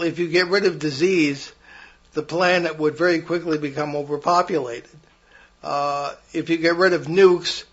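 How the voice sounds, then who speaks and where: Probing male host with a higher voice. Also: a bit bright, dull audio. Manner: measured, probing questioner with hesitant fillers. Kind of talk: interview conversation.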